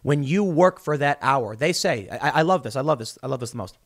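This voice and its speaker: A man giving solo political commentary, sarcastic, mocking opponents in high put-on voices. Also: animated, fairly quick.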